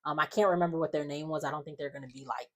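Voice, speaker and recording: A woman's voice: low voice, racing. Sassy woman recapping reality TV. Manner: animated, sassy storytelling with slangy asides and laughter. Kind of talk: casual reality show recap.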